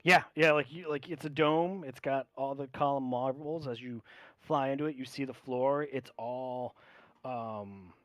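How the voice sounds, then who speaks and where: A man's voice: medium pitch, unhurried, fairly bright tone, dry recording. Laid-back male game master, dry sound. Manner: loose, filler-heavy description. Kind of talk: narrating a tabletop game.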